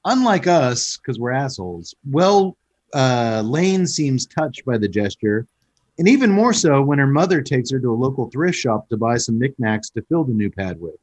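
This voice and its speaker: A man's voice: medium pitch, moderate pace. A man hosting a casual podcast, recapping a film with jokes and swearing. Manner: animated storyteller, swears, jokes. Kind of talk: casual chat.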